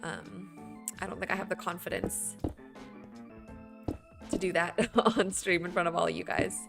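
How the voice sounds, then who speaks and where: A woman's voice: on the low side, steady tone, a little slow, gravelly, music in the background. A woman streaming a building game, chatting with her viewers in a rambling, playful way and laughing often. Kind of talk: casual chat with stream viewers while building.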